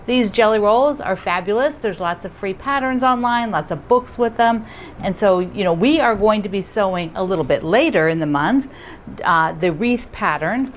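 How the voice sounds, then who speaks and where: A woman's voice: mid-range voice, a little hiss or hum. A woman who hosts a quilting vlog and teaches quilting, chatting casually and cheerfully to the camera from her home, often laughing. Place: home living room.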